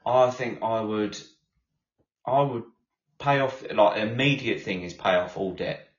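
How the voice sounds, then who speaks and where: A man's voice: fairly low pitch, a little slow. Swearing, jokey podcast co-host man. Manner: rambling, swears casually, jokey. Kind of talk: casual live podcast chat. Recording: echoey, dull lo-fi sound.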